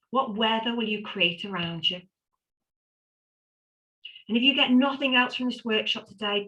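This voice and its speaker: A woman's voice: medium pitch, sharp tone, rough recording. A middle-aged woman, presenting an online wellbeing workshop with upbeat, emphatic lists and repeated phrases. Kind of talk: live online workshop talk.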